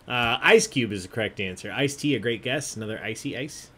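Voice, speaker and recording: A man's voice: medium pitch, fairly quick, fairly bright tone, slight background noise. A man hosting an online trivia game, chatty and jokey, often laughing as he reads out answers. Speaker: trivia host.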